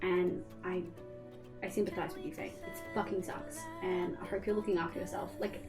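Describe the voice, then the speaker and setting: A woman's voice: fairly low pitch, level tone, normal speed, music in the background. A young Australian woman streamer chatting casually and candidly with her viewers while she plays, swearing now and then. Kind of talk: casual chat while gaming.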